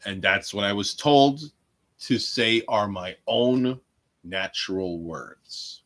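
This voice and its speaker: A man's voice: lowish voice, slow pace, fairly bright tone, no room sound. A man hosting a rambling solo podcast from home, profane and jokey, muttering asides to himself. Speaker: podcast host.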